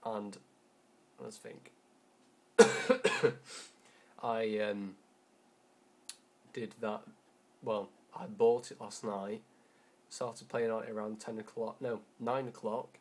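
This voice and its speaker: A man's voice: fairly low pitch, darkish tone. A teenage boy commenting on his gameplay, rambling and correcting himself, easily frustrated. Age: teens. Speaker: gamer.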